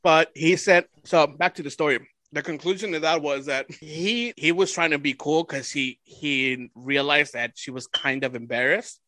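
Host, man, bright, dry close sound, switches languages and laughs through his stories. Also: fairly high pitch, normal speed, few pauses, no room sound. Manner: bilingual, swears freely, laughs often while telling stories. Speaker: podcast host. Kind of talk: casual storytelling chat.

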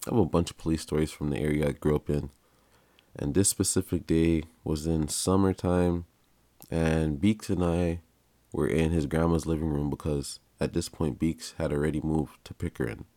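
A man's voice: extremely low pitch, steady tone, normal speed, mellow, no echo. A young man, hosting a podcast and telling stories in a laid-back, slangy way, laughing as he goes. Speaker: podcast host. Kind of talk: casual storytelling.

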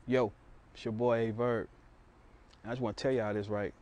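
A man's voice: on the low side, fairly even intonation, normal speed, a little mellow, dull audio. A man giving a blunt, provocative opinion monologue straight to his viewers. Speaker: commentator addressing viewers.

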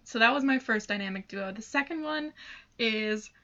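A young woman co-hosting a casual movie discussion, gushing and halting, with many fillers. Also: on the high side, gravelly, bright, forceful tone, dull audio. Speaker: podcast co-host.

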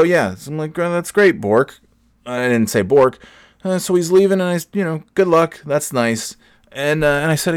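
A man hosting a podcast, telling a rambling, self-correcting story in casual chat and jumping up in pitch when he quotes people. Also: no echo, clean studio sound. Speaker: podcast host.

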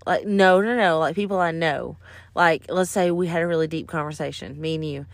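A woman's voice: low-pitched, a little fast, vocal fry, no echo. A woman co-hosting a casual podcast chat who talks in a rambling, hesitant way with lots of fillers. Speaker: podcast co-host.

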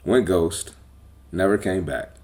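A man hosting a podcast as a personal trainer, talking bluntly and with profanity in a casual, animated monologue. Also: low-pitched, takes it slowly.

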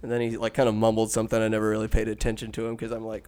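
A man casually recapping a film, rambling, swearing and telling the story with animated asides. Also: on the low side, very fast, soft background music.

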